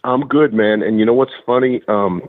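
A man's voice: medium pitch, moderate pace, dry recording, phone-quality sound. A middle-aged man, a guest on a podcast, telling stories animatedly, putting on voices and often stammering. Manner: animated storyteller, does voices in anecdotes, stammers. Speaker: guest, former wrestler and actor. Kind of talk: casual interview chat.

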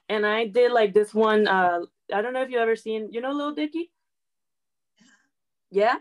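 A young woman as an interview guest, chatting in a lively way, acting out quotes and saying "like" a lot. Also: a little high, moderate pace, long pauses, poor audio. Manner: chatty, animated, acts out quotes, says "like" often. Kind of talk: casual storytelling.

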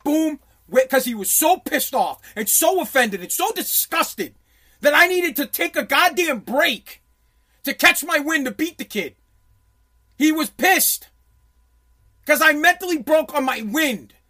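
A man's voice: very high voice, animated, measured pace, sharp tone. A man telling a story in a profane, intense rant, often restarting his sentences. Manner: intense, swearing, many restarts.

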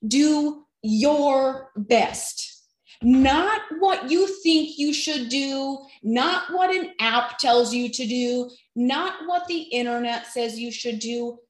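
A woman's voice: high-pitched, animated, slow, few pauses, roomy sound, poor audio. A woman fitness trainer giving an earnest, encouraging faith-based talk to camera, with self-deprecating asides.

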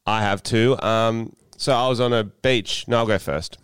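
A man's voice: lowish voice, steady tone, normal speed, clear, resonant tone, dry recording. A young Australian man co-hosting a podcast, joking crudely in casual banter. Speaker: podcast co-host. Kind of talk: casual chat.

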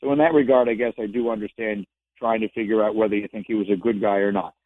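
A man's voice: fairly low pitch, fairly even intonation, fast talker, a little hiss or hum. A man who used to be a sports reporter, speaking as a guest on a radio show and building his points by repeating phrases. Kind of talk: casual radio interview. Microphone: phone. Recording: dry tinny phone line.

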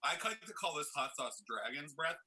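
A man's voice: a little high, sing-song, moderate pace, sharp tone, breathy edge. A young man co-hosting a casual chat, his mouth burning from hot sauce, explaining things wryly and laughing often. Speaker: podcast co-host.

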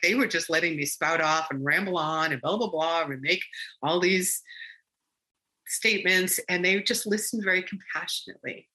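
A woman guest recounting a personal experience in conversation, animated and rambling with frequent restarts. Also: on the low side, low-quality recording.

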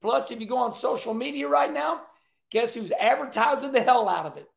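A man hosts a show with animated, emphatic commentary, repeating his points. His voice is high and gravelly. The room has an echo. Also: brisk. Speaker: host. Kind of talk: casual race commentary.

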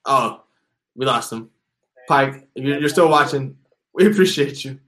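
A man's voice: medium pitch, unhurried, fairly bright tone. Laughing, slangy man hosting a call. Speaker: host. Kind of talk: casual chat.

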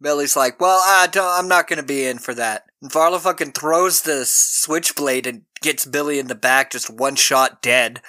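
Bright-voiced man recapping a movie. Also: on the high side, normal speed, hardly any pauses, no echo. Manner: animated retelling, acting out characters' lines. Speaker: podcast co-host. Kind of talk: casual movie recap chat.

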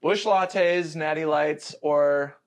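A man's voice: on the high side, fairly even intonation, takes it slowly. A man hosting a casual podcast chat, talking loosely and laughing often. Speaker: podcast host.

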